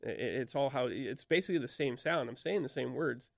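Fast, gravelly man explaining duck calls. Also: mid-range voice, dry recording. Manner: quick, folksy explainer who demonstrates calls aloud. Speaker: duck-call expert guest. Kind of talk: casual podcast conversation.

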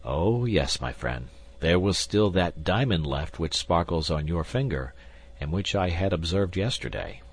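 A man's voice: low voice, unhurried, breathy edge, heavily acted. A man doing Athos, a wry, indifferent musketeer. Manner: calm, drawling and wry. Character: coolly indifferent older male musketeer, wry gambler. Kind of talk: audiobook character reading.

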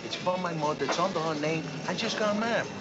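An actor playing a young newlywed mobster, defensive and apologetic. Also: male voice, on the high side, fast, lightly acted. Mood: pleading. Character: nervous newlywed male mobster, pleading. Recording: film audio with loud music, muffled.

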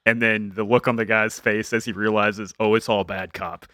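A man's voice: fairly low pitch, little pitch movement, sharp tone, dry recording. Wry man riffing on a podcast. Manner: wry, mocking commentary with drawn-out emphasis. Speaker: podcast co-host. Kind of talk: casual recap chat.

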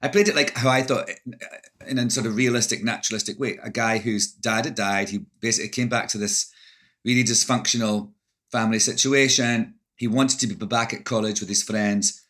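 A man's voice: medium pitch, steady tone, fairly quick, sharp tone. A middle-aged Scottish man, an actor, reflecting in a casual interview with many restarts.

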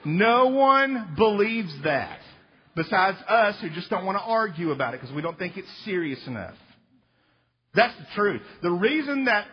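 Animated, husky-voiced man preaching. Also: high voice. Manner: animated, joking, emphatic, acts out little voices. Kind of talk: sermon. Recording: reverberant hall, dull lo-fi sound.

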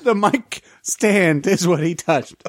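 A man's voice: sits high, slow, dry recording, studio quality. A man co-hosting a casual podcast, teasing the others and laughing. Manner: teasing, exasperated, laughs often. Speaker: podcast co-host. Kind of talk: casual chat.

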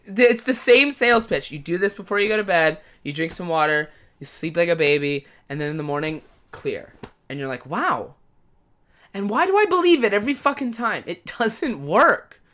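Podcast guy ranting solo, swears a lot, bright sharp voice, jumps all over in pitch. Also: expressive, fairly quick. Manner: profane, exasperated comic ranting. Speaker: podcast host. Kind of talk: casual podcast monologue.

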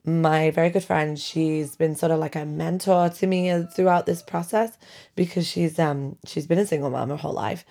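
A woman in her forties talks casually into her podcast mic from her bedroom, wry and chatty with frequent laughs. Her voice sits low and mellow with a gravelly fry at the ends of her phrases. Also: steady tone, normal speed. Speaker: podcast host. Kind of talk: casual solo podcast chat. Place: bedroom at home.

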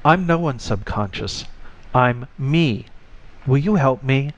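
A man's voice: mid-range voice, lively intonation, slow pace, pitched above the performer's own voice. A man voicing a desperate disembodied male voice in limbo, pleading and sad, in a slightly muffled recording.

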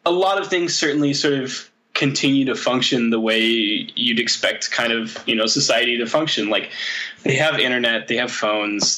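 A man's voice: mid-range voice, sharp tone. A man co-hosting a casual chat, rambling with many fillers and restarts and laughing often.

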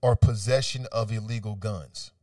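A man hosting an opinionated talk radio segment, reading out quotes and rebutting them with animated, argumentative commentary. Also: on the low side, normal speed, no echo, clean studio sound, far from the mic.

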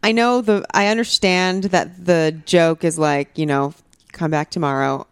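A woman's voice: fairly low pitch, steady tone, measured pace, smooth, dry recording. Female podcast guest, hesitant, lots of "like", dry sound. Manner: tentative, rambling with many "like"s. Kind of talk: casual podcast chat.

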